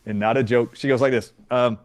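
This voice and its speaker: A man's voice: medium pitch, fairly quick. A man who is a doctor and a guest on an interview show, telling a story emphatically and acting out the dialogue. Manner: animated, emphatic, acts out dialogue.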